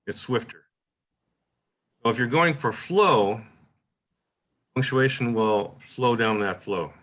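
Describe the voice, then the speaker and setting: A man hosting a poetry workshop, giving a relaxed, informal lecture and reading the same example line aloud in different ways. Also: fairly low pitch, slow, pauses often. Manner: relaxed, thinking aloud with frequent "uh" and "right?".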